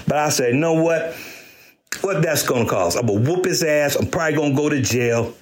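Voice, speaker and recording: A middle-aged man hosting a comedy show, telling a profane story and acting out quotes in sudden high bursts. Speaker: comedian host. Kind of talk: storytelling stand-up monologue.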